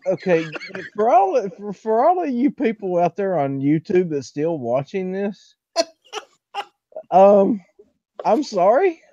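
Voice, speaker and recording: A man in a casual late-night chat, speaking in a sheepish, halting way. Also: high voice, big pitch swings, warm tone, no room sound. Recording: dull lo-fi with faint noise.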